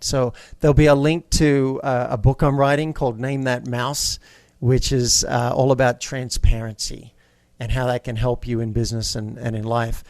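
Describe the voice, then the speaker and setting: A man's voice: medium pitch, dry recording. A man guest in an interview, a coach talking casually and telling stories with upbeat energy.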